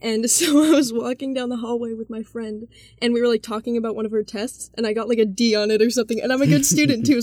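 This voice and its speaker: Animated teenage girl telling school stories. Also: a little high, no room sound. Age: teens. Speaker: student guest. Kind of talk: casual storytelling.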